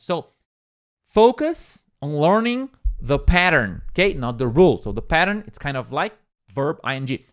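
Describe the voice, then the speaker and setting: Male English teacher, patient and repetitive, animated intonation. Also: a little high. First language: Portuguese. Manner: patient, repeats examples slowly, checks with "okay?". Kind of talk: explaining vocabulary lesson.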